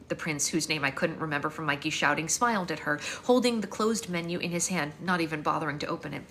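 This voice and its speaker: A woman author reading her own novel aloud in a live stream at home, with wry, expressive first-person narration on a phone mic. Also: deep voice, fast talker, few pauses, slight background noise.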